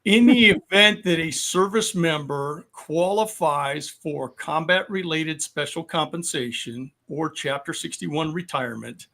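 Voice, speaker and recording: Sixties male veteran guest, mildly high voice, patient explainer. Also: vocal fry, pushed and bright. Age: 60s. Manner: explanatory, measured, with frequent ums. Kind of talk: podcast discussion.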